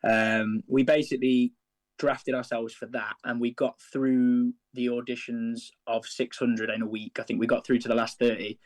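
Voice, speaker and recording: A man's voice: medium pitch, level tone, normal speed. A man from the English Midlands, a band member guest, talking easily in a casual interview.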